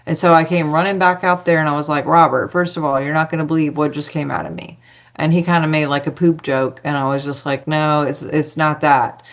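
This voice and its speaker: A woman's voice: low voice, steady tone, a little fast. Woman, podcast guest, chatty storytelling, quoted dialogue, fillers, muffled lo-fi audio.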